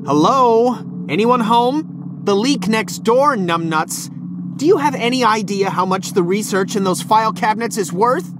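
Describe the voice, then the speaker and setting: A cranky middle-aged male scientist in a video game, snapping insults in a high, swooping voice. He flares up with sarcasm, then sheepishly apologizes for his temper. A loud rumbling noise runs beneath him. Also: expressive, unhurried. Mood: scolding. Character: irritable, hungry middle-aged male scientist with two doctorates.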